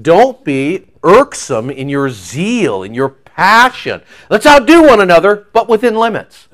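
A male pastor preaching a sermon in an animated, joking way, acting out quoted voices. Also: high-pitched, measured pace.

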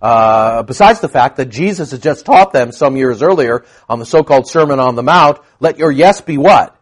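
A man's voice: medium pitch, expressive, moderate pace. A man preaching a conversational sermon to a congregation, teaching with frequent asides and questions. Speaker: pastor.

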